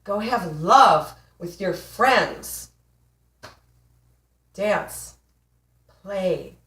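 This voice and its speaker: A woman's voice: medium pitch, animated, drawn-out words, fairly bright tone, recorded from a distance. Playful woman coach in an echoey room. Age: 40s. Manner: emphatic, playful, laughs often. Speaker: relationship coach. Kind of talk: motivational talk to camera.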